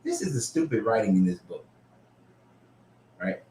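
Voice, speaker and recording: Animated, irreverent male host in an echoey room. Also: fairly low pitch, moderate pace. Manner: animated, profane, frequently laughing. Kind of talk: casual commentary reading scripture aloud.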